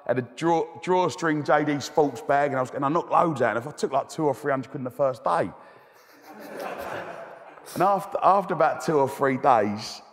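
A man's voice: on the high side, normal speed. A man telling cheeky, chatty stories as a guest, often restarting his sentences. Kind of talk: telling anecdotes in interview. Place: debating hall. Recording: long hall reverb.

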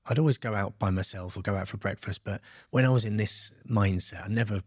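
A man's voice: lowish voice, fairly quick, breathy edge, no echo, clean studio sound. A man in his thirties from England, telling his life story in a casual interview and acting out other people's lines. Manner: animated, acts out quoted voices. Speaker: podcast guest, entrepreneur.

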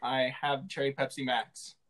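A man's voice: medium pitch, flat delivery, moderate pace, fairly bright tone. A young man co-hosting a podcast in casual chat, jokey and playful, laughing often. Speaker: podcast co-host.

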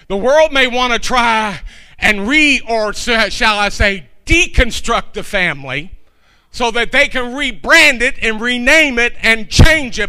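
A man's voice: high-pitched, lively intonation, a little slow, pushed and bright. A middle-aged man preaching a sermon, driving his points home with emphatic, repeated phrases.

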